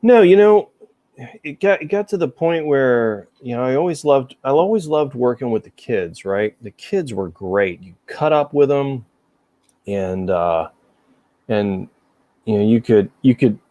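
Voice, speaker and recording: A man's voice: medium pitch, lively intonation, a little slow, mellow, no room sound. A man hosting a casual chat show, rambling and self-deprecating, with a faint Southern American accent. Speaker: podcast host.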